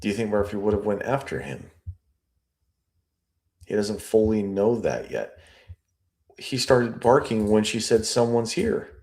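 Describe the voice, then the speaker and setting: A very low-pitched man talks through a statement line by line. He takes his time, musing aloud and pausing over each phrase as he analyzes it. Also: very animated, darkish tone. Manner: slow, deliberate, musing aloud. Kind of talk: reading and analyzing a transcript.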